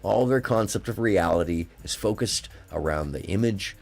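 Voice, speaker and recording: Deep-voiced rambling call-in host. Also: male voice, lively intonation, moderate pace, gravelly, a little mellow. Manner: rambling storyteller, emphatic, drifting pace. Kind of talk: casual call-in chat.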